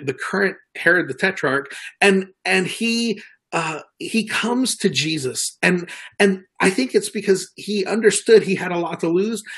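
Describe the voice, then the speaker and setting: A man's voice: high voice, fairly bright tone, breathy edge. A middle-aged man preaching a sermon in an earnest way, often repeating words and restarting. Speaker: pastor.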